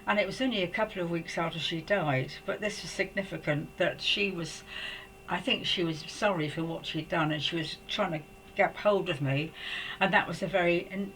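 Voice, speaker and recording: An older woman from England tells a personal story to camera at home. She speaks softly and reflectively, with many hesitations and restarts. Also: on the low side, slight background noise, poor audio. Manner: halting, hesitant, with frequent restarts. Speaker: psychic storyteller.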